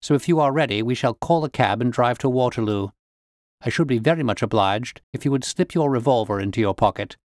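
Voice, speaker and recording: A man's voice: mid-range voice, fairly quick, a little mellow, no room sound, studio quality, close to an everyday voice. A man doing an unflappable, dryly witty detective. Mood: cool. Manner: cool, bland, dryly amused.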